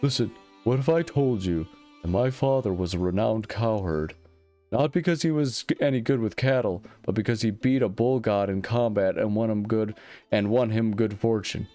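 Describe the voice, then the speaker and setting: A man's voice: lowish voice, big pitch swings, fairly quick, few pauses, a little mellow, smooth, soft background music. A man voicing a romantic goofball male adventurer who brags about his family line in a laid-back, rambling drawl. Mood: boastful.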